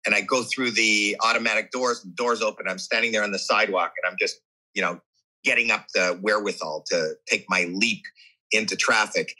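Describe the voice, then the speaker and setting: A man's voice: on the low side, poor audio. A man guest on a podcast interview, telling a personal story with candid, earnest animation. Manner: animated, acts out his own and others' voices.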